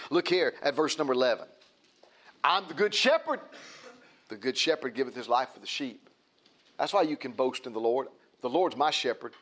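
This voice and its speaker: A man's voice: mid-range voice, a bit bright. A man preaching a sermon, emphatic and repetitive, often restarting his phrases.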